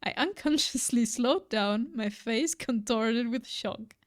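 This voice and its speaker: A woman's voice: on the high side, slow. A young woman streamer reading a dating game aloud, with playful, joking asides.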